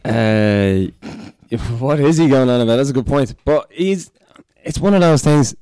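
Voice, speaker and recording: A man's voice: mid-range voice, expressive, a little slow, mellow, clear, resonant tone, dry recording, studio quality. A man co-hosting a casual radio show in easygoing chat. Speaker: radio co-host.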